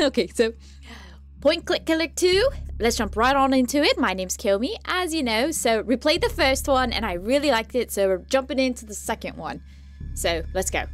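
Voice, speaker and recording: A woman's voice: fairly high pitch, lively intonation, moderate pace, faint music behind. A young woman playing a point-and-click game, chatting casually, reading the game text aloud and humming along. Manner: playful, sings and hums, reads game text aloud. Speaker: gaming streamer. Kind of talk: casual let's-play commentary.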